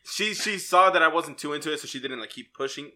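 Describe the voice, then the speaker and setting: A man's voice: fairly high pitch, fast talker, pushed and bright. A young man co-hosting a podcast, telling an awkward story in casual chat with jokes, laughter and hesitant fillers. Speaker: podcast co-host.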